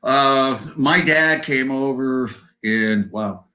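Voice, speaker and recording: Slow and sharp-toned, a mid-range male voice belongs to a Southern California guest musician around seventy with an American accent. On a poor-audio video call, he drifts through casual interview chat, tacking "you know" and "right?" onto his sentences.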